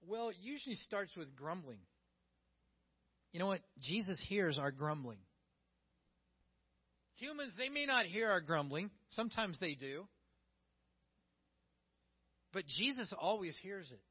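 A man preaching a sermon in an animated way, acting out quoted voices and swinging between soft and loud delivery. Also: sits high, unhurried, long pauses, husky, lo-fi sound.

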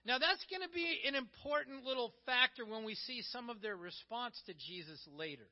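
High-voiced pastor, animated sermon. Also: male voice, normal speed, muffled recording. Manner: animated, conversational. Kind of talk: sermon with Bible reading.

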